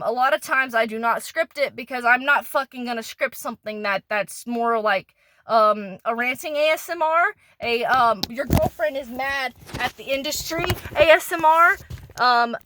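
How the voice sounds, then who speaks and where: A woman's voice: sits high, moderate pace, sharp tone, a little hiss or hum. A woman in a profane, rambling, angry rant done as an ASMR monologue, pissed off and disgusted, often stumbling and restarting. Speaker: ASMR creator.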